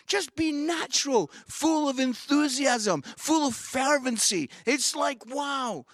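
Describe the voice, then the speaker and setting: A man preaching an online sermon, animated and enthusiastic, shouting some lines and growing soft and low at others. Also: slow pace, hardly any pauses, dry recording, clean studio sound. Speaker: pastor.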